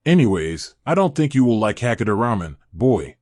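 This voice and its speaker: A man reading aloud and voicing a kindly, nosy old man in his eighties with a gentle elderly voice. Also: lowish voice, sing-song, moderate pace, no room sound, studio quality. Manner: gentle, elderly, given to hearty laughs.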